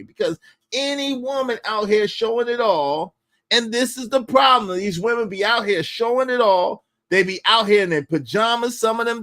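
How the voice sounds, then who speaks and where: A man's voice: high-pitched, fairly bright tone. A man hosting a livestream who talks in a preachy, emphatic way and repeats lines for effect. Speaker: livestream host. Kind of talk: opinionated streaming rant.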